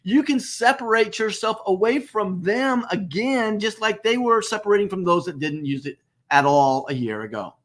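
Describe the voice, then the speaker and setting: A man hosting a business webcast, talking emphatically and repeating words for stress. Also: moderate pace. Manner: emphatic, repeats phrases, lively swings in pitch. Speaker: host. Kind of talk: enthusiastic business webcast talk.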